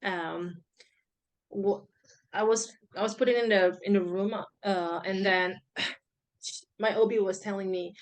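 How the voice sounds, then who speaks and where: A woman's voice: medium pitch, fairly even intonation, slow, long pauses. Woman telling a story. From Indonesia. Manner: rambling, many fillers and restarts. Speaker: guest sharing her birth story. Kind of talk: casual personal storytelling.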